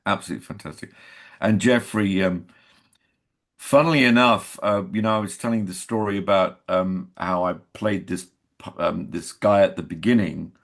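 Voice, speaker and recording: A man's voice: sits low, moderate pace, creaky, fairly bright tone. An older man from England, an actor guest in a casual interview, telling anecdotes and acting out quoted dialogue.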